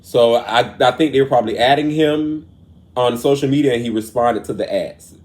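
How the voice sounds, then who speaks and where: A man hosting a casual commentary show, earnest and emotional, moving between raised and quiet talk. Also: mid-range voice, normal speed. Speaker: show host. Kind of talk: casual commentary on celebrity news.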